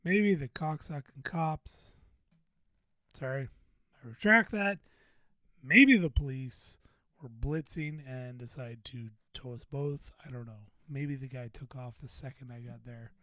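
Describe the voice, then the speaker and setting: A man's voice: medium pitch, unhurried, sharp tone, no room sound. A man hosting a podcast, telling a story in a rambling, profane, self-deprecating way. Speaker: podcast host. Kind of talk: casual venting monologue.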